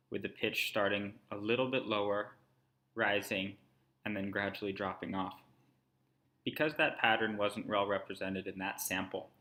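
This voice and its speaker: In a screen-recorded tutorial, a man whose voice is low yet bright guides the viewer step by step. His manner is calm and patient, much like a language instructor's.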